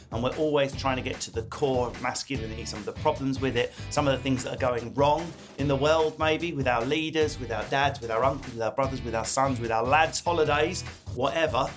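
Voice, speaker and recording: A man with an Essex accent hosting a comedic podcast, talking in quick, jokey banter. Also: medium pitch, music in the background. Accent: Essex English. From Essex, England. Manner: quick, jokey banter with playful put-on voices. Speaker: podcast host.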